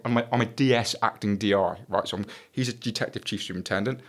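Speaking fast in a lowish voice, this middle-aged man, once a police detective, recounts a story on a podcast. He's blunt, curses freely, and performs the dialogue himself.

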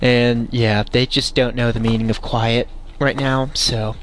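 A man giving chatty, excitable let's play commentary, talking to the game's creatures. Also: mid-range voice, unhurried, a little hiss or hum. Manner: excitable, chatty, talks to game animals. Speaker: game streamer.

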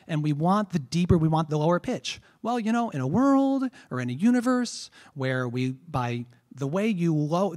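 A man with a slightly higher voice teaches a trombone masterclass. He explains breathing step by step, asks rhetorical questions and demonstrates vowel sounds aloud. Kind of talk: masterclass lecture.

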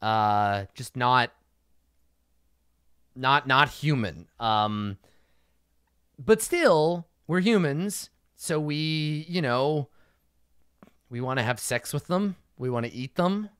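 A man running a casual livestream Q&A as game master, blunt and profane, tossing off quick mock dialogues. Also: medium pitch, animated, fairly bright tone, clean tone, no echo, clean studio sound. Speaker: game master answering fan questions.

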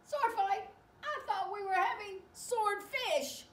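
A woman voicing a mild, sheepish male shark from a picture book, in a slow read-aloud. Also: on the high side, expressive. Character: a playful cartoonish male shark. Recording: echoey room, distant mic, faint hiss.

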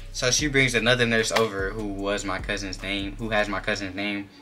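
A young man telling a personal story in a casual storytime vlog, animated and slangy, filling his speech with "like". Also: on the low side, quick pace, few pauses. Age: young adult. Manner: animated, slangy, many filler "like"s. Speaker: vlogger.

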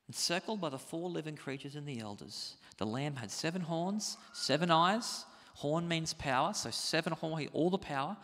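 This is a man delivering a sermon with a fairly high, bright voice. He preaches in an animated, conversational way and keeps asking rhetorical questions. The sound carries the long reverb of a church hall. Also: moderate pace. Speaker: pastor.

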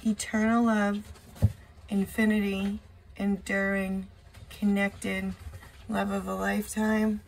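Slow, gravelly-voiced woman reading tarot. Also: mid-range voice, level tone, a little hiss or hum. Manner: slow, musing, thinking aloud, blunt asides. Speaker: tarot reader. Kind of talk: casual solo tarot reading. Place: indoor room with a window.

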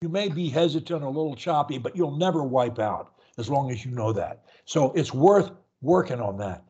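A man's voice: mid-range voice, lively intonation, normal speed, darkish tone, breathy edge, highs cut off. A man coaching speech in an earnest, emphatic way, often repeating words. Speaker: stuttering coach. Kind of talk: coaching session.

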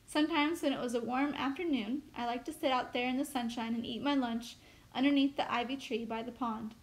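A careful, reserved household maid speaks quietly and chooses her words with care, as a woman reading a storybook aloud puts her on. The voice is high. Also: fairly even intonation, fairly quick, rough recording. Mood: wistful. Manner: quiet, guarded.

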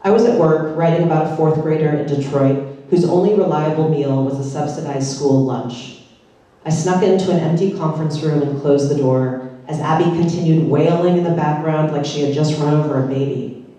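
A woman reading her own fiction aloud with dry, deadpan delivery at a public literary event in a large synagogue hall. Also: low-pitched, normal speed. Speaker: author reading her novel. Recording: echoey hall from far off.

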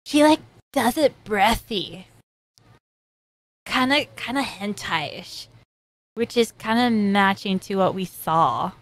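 A woman giving casual, excitable reaction commentary as an anime reviewer, often laughing. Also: mid-range voice, slow pace, long pauses, no echo. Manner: excitable, giggly.

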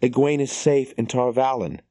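A man voicing a brash, excitable young man who crows his lines in an audiobook reading. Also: medium pitch, normal speed, dry recording, voice pushed up, close to an everyday voice. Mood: excited. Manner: crowing, excited.

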